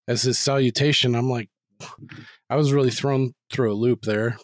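A man's voice: mid-range voice, steady tone, brisk, no echo, studio quality. A man talking loosely in a casual podcast chat, rambling with lots of "like" and swearing freely.

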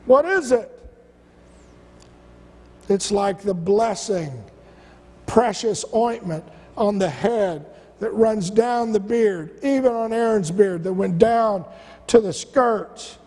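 A man's voice: high-pitched, slow, pauses often, darkish tone, breathy edge. A male pastor preaching a sermon, stacking rhetorical questions and stumbling over restarts. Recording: long church-hall reverb.

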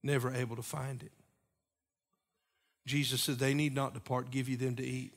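A man preaching a sermon as pastor, moving between emphatic raised passages and hushed, repeated lines. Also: mid-range voice, level tone, normal speed. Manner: preaching with swings from loud emphatic peaks to hushed, repeated phrases.

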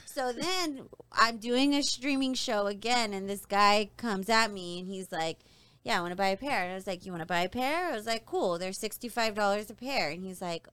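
A woman's voice: medium pitch, normal speed, clean tone, no room sound. A young adult woman telling a story in casual chat, acting out the quotes of other people with a shifting voice. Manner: animated, acts out quotes with shifting voice. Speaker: podcast co-host telling a story.

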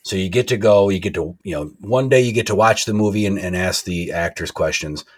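A man's voice: sits low, a little fast, husky. A man co-hosting a podcast, chatting in a rambling, plain-spoken way. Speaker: podcast co-host. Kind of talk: casual podcast chat.

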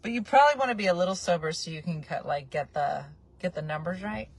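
A woman in her forties telling a casual, animated story from a moving car, often acting out the people she quotes. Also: lowish voice, fast, husky. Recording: car road noise behind.

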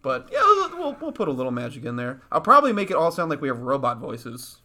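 A bright, lively man co-hosting a loose podcast recorded in person. His voice sits fairly high and swings widely as he jokes and laughs through the banter. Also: fast. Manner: laughs often, joking. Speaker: podcast co-host.

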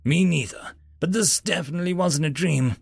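A man voicing a young male familiar who talks in an earnest, halting, hesitant way. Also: fairly high pitch, creaky, breathy edge, dry recording, clean studio sound, pitched above the performer's own voice.

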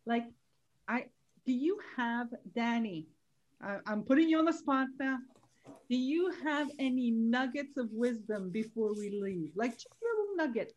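A woman, hosting a casual podcast, chatty and quick to laugh. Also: a little high, a little hiss or hum. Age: 40s. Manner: chatty, laughs easily, trails off. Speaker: podcast host.

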